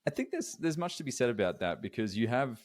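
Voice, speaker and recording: A man with an Australian accent hosting a podcast interview, affirming and relaxed as he asks questions. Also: medium pitch, fast. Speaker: podcast host. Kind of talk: interview conversation.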